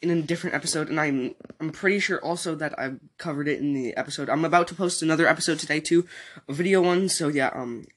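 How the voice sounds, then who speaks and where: A man's voice: fairly high pitch, fast, a bit bright, breathy edge. Rambling young guy with a sore throat. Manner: rambling, many fillers and restarts. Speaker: podcast host. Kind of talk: casual solo podcast, reading listener comments.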